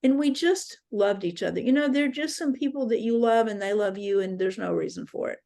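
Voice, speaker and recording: Woman leading a spiritual dream workshop, reflective, tells stories, middle-pitched voice. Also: fairly quick, gravelly, warm tone. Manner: earnest storytelling, reflective. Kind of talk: spoken workshop talk. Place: interfaith center meeting room.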